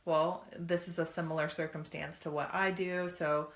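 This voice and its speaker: A woman's voice: sits low, level tone, normal speed, echoey room. A woman in her thirties co-hosting a family talk show, explaining earnestly. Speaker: co-host of family podcast. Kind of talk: casual live chat.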